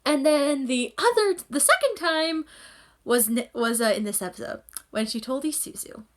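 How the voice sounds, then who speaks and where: A woman's voice: high voice, lively intonation, moderate pace. Gushing, rambling woman vlogger. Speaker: anime reaction vlogger. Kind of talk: casual chat. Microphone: phone.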